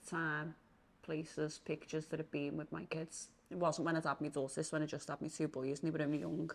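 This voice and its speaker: A woman's voice: sits low, fairly quick, creaky. Chatty woman telling stories. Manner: chatty, animated retelling with lots of "you know what I mean". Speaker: guest psychic. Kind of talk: casual interview storytelling.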